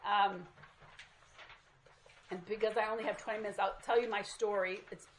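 A woman's voice: mid-range voice, steady tone, moderate pace, a little hiss or hum, rough recording. A woman teaching a small group in a casual, self-deprecating way, recorded in a meeting room. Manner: chatty, self-deprecating storytelling. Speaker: Bible study teacher.

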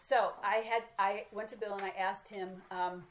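A woman's voice: mid-range voice, steady tone, normal speed, a little hiss or hum, low-quality recording. A woman teaching a small group in a casual, self-deprecating way, recorded in a meeting room. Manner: chatty, self-deprecating storytelling. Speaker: Bible study teacher.

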